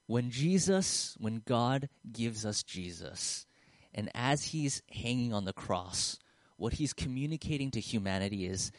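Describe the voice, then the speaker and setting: A man's voice: mid-range voice, expressive, unhurried, no room sound. Male pastor, conversational storyteller, medium voice, dry close mic. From Australia. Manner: conversational, acts out dialogue in a raised voice, turns quiet and earnest. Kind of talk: storytelling sermon.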